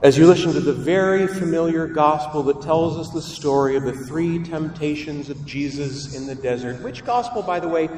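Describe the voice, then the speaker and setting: A man's voice: on the high side, moderate pace, hardly any pauses, darkish tone, a little hiss or hum. A man, a priest, giving a homily in a church, with a dramatic delivery that acts out the voices he quotes. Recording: roomy church reverb from a distance.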